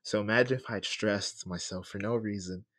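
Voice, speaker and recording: Young guy podcasting solo, lowish voice, super casual storytelling, dry close sound. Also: normal speed, a bit bright, no room sound. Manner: loose and conversational, often checks in with "right?". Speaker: podcast host.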